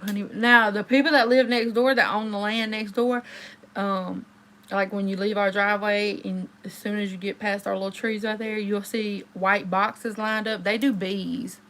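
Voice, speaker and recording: Bright, chatty woman on a livestream. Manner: chatty, storytelling, swings into high exclamations. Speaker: livestream host. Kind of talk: casual livestream chat with viewers.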